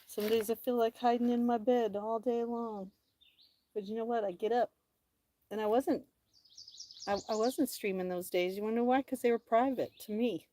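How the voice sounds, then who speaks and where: A middle-aged woman hosting a casual livestream outdoors, chatty and excitable, talking straight to her viewers. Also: a little high, normal speed. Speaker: livestream host.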